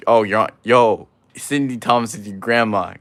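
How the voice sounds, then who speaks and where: A man's voice: on the low side, steady tone, normal speed, fairly bright tone. A man hosting a casual livestream, rambling and joking as he reads chat aloud while building. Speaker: livestream host.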